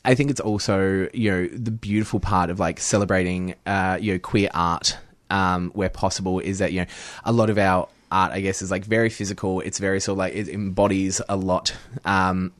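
A man's voice: low voice, fairly even intonation, moderate pace, no room sound. Upbeat giggly young man, dry sound. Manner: upbeat, giggly, many ums and likes. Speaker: guest performer. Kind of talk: radio interview.

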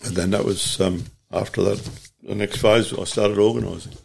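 Gravelly, deep-voiced Australian older man. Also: steady tone, normal speed, darkish tone. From Latrobe Valley, Australia. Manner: plain-spoken, rambling with self-corrections. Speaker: union organiser and guest. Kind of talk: reflective interview storytelling.

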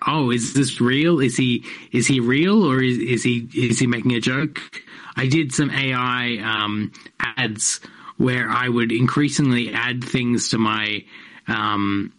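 A man's voice: mid-range voice, fairly bright tone. A man being interviewed on radio as a comedian, talking in a rambling, self-interrupting way with frequent laughs. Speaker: comedian guest. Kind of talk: casual interview chat. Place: radio studio.

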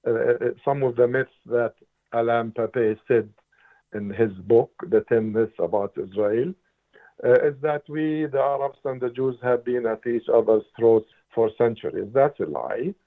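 An emphatic man in his seventies, originally from Palestine, speaks as a radio interview guest. His voice sits at a middling pitch. The sound is narrow and tinny, like a phone line. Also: normal speed. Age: 70s. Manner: impassioned, emphatic, occasional restarts. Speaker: interview guest, writer and political analyst.

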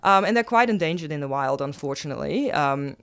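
Woman guest, smooth, clear tone, animated and rambling, casual storytelling. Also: quick pace. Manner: animated, lots of fillers and laughs, pitch jumps when excited. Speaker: former aquarium diver and marine scientist.

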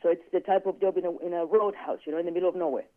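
Speaking rapid-fire in a steady tone, this high-voiced male guest recounts a personal story in casual conversation, vividly performing the quoted lines. The audio is dry, thin and phone-like, with no room sound.

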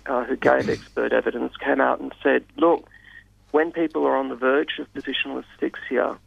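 A man speaking as a radio guest in a measured, hesitant way with many fillers. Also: medium pitch, flat delivery, gravelly, slightly rough, no echo. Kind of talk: radio interview. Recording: dull lo-fi radio sound, dry.

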